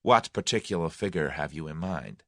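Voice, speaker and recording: A man's voice: extremely low pitch, expressive, normal speed, fairly bright tone, no echo, studio quality, pitched below the performer's own voice, exaggerated voice. A man voicing a brash, confident young man with a breezy, direct way of talking. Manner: breezy, direct, folksy slang.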